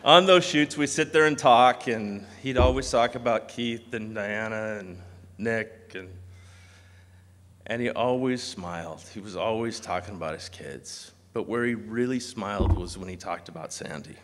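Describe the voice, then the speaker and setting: A man giving a memorial speech, telling animated anecdotes and mimicking voices. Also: on the low side, a little slow. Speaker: eulogy speaker. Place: large hall. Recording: long hall reverb.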